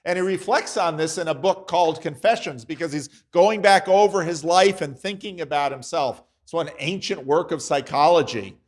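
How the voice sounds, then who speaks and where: A man's voice: fairly high pitch, normal speed, hardly any pauses. A man teaching a Sunday school class at church, talking conversationally and acting out little voices in his examples.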